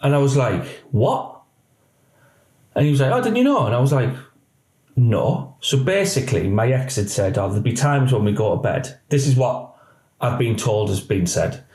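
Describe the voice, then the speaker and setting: A middle-aged man tells his story in an animated way, taking on the voices of the people he quotes. His voice sits at an average pitch. The room around him is roomy and echoey. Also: normal speed. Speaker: police officer guest. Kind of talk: candid podcast interview.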